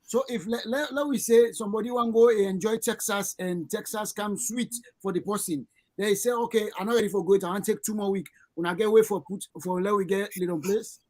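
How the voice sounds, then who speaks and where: A radio host with a Sierra Leonean Krio accent, asking halting questions full of hesitations. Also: medium pitch, a little mellow. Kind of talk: radio interview.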